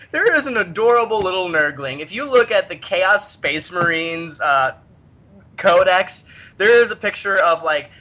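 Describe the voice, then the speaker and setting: A podcast host telling a story in an animated chat, laughing often. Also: medium pitch.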